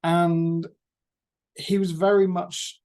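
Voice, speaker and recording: Gravelly, mellow-voiced male trainer. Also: sits high, level tone. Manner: measured, with deliberate pauses. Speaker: presentation skills trainer. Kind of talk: lecture to a class.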